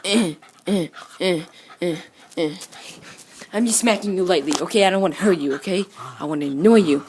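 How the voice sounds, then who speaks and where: A woman's voice: fairly low pitch, normal speed, a little mellow, a little hiss or hum. A woman talking casually to her pet dog in a home video, teasing and scolding it over and over, with playful growls. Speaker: dog owner.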